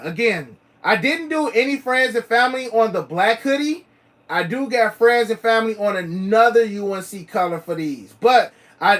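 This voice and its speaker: A man hosts a sneaker channel livestream, chatting casually and loosely, full of slang, filler words and repeated phrases. His voice is high-pitched with a fairly bright tone.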